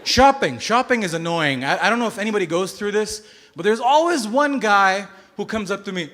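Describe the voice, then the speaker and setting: A man in his thirties from Bahrain performing a stand-up comedy set, telling stories with sudden loud outbursts and acted-out voices. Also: high-pitched, expressive, a little fast, a little hiss or hum. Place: comedy stage before a live audience.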